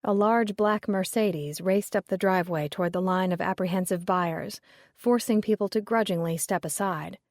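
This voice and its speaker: A woman narrating a mystery audiobook in a steady, even, descriptive way. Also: fairly low pitch, moderate pace, no echo, clean studio sound.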